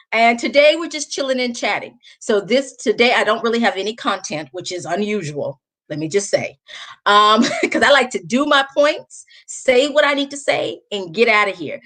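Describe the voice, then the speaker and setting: A livestream host with a Southern US accent chats casually with her viewers, speaking directly to them and laughing often. Her voice is mid-range with a fairly bright tone.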